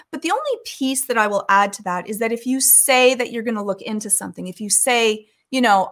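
A woman giving calm, earnest advice in a conversation, acting out the things people say to each other. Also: fairly high pitch, fairly quick, few pauses. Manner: calm, earnest, acts out quoted speech.

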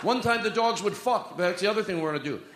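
A comedian with a high-sitting, expressive voice talks at a quick pace on a comedy club stage, and the recording is very noisy. He rambles through a live set, swearing and poking fun at himself with the audience, in an echoey hall with long reverb.

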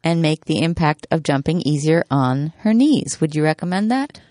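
A woman's voice: deep voice, lively intonation, moderate pace, dark tone, no room sound, studio quality. A woman co-host reading listener questions aloud in a playful, casual podcast chat.

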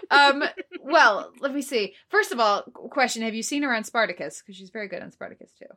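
A woman co-host in a casual podcast chat who reads listener comments aloud. She talks in an easygoing way with many hesitant fillers, and her voice sits a little high. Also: animated, unhurried, bright, forceful tone, breathy edge.

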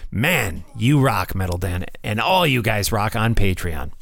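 A man's voice: lowish voice, sing-song, a little slow, creaky, background noise. A man hosting his own podcast in a casual solo talk from a room at home, chatty and loose, often repeating himself and calling listeners "man". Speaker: podcast host. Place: room at home with family nearby.

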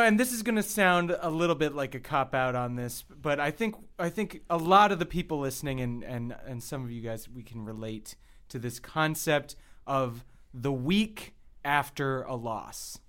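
A man's voice: on the high side, fairly bright tone, clean tone. A man co-hosting a casual sports podcast, joking in a wry tone and drawing out his words at times. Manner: wry, joking banter with drawn-out pauses. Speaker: co-host, Kansas City Chiefs fan.

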